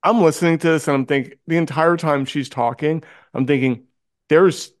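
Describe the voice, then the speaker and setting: Animated storytelling man, dry close mic. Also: fairly high pitch, fairly quick, no room sound. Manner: animated storyteller, acts out quoted voices. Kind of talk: casual chat.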